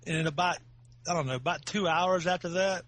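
A husky-voiced man tells a playful story as a guest in a casual podcast chat. He laughs often as he talks, his voice a bit high. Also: brisk, fairly bright tone.

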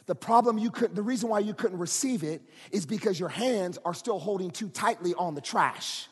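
Male pastor, high voice, husky, sermon building to shouts, echoing church hall. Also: normal speed. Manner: builds from quiet to shouting preaching.

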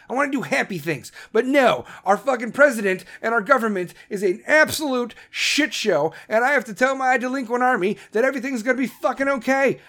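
A man hosting a podcast, ranting angrily and swearing constantly, with shouted bursts, then reading sponsor ads in the same blunt, profane way. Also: very high-pitched. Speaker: podcast host. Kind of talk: profane political rant and ad read.

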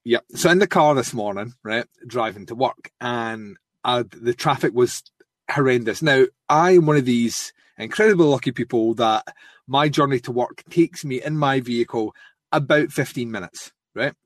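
A Scottish man co-hosting a podcast in casual chat, telling a story with lively swearing and quick impressions of others. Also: mid-range voice, no echo, clean studio sound. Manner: animated storyteller, swears freely, mimics others. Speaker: podcast co-host.

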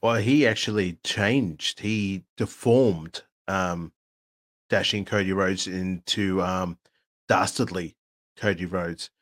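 A man co-hosting a casual live-stream podcast speaks in a fairly low voice. He rambles, often restarting and repeating himself, as he feels his way through a thought. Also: takes it slowly, a bit bright. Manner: rambling, with frequent restarts and fillers. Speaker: podcast co-host.

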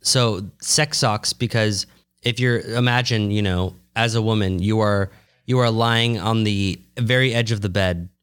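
A man's voice: lowish voice, fairly even intonation, a little slow, fairly bright tone, clean tone. A man co-hosting a podcast, talking bluntly with lots of swearing and rambling asides. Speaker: podcast co-host. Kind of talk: casual comedic chat.

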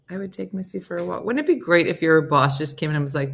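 A woman's voice: on the low side, animated, fast talker, creaky, hardly any pauses, husky. Chatty woman hosting a morning livestream. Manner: chatty, playful, talks to her dog and viewer comments. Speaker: livestream host. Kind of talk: casual morning livestream chat. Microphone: phone.

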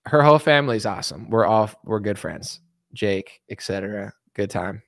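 A man's voice: fairly low pitch, lively intonation, normal speed, creaky, no echo, clean studio sound. A man hosting a casual livestream, reading out chat and making sarcastic, joking asides.

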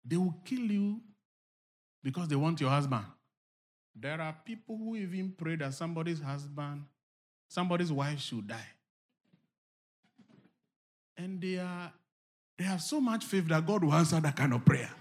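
A man preaching a sermon to a congregation, dropping to low murmurs and rising to loud shouted exhortations, acting out quoted inner voices. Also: animated, normal speed, long pauses.

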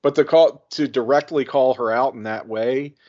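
A man's voice: medium pitch, normal speed, a little mellow. A man on a podcast chatting casually, laughing often and restarting his sentences. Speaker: podcast co-host or guest. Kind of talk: casual chat. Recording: muffled podcast audio.

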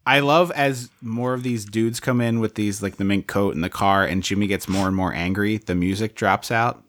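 A man's voice: fairly low pitch, moderate pace, fairly bright tone. A man co-hosting a podcast, chatting enthusiastically about a film and acting out lines from it. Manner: enthusiastic, acts out quoted lines. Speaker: podcast co-host. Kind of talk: casual movie discussion.

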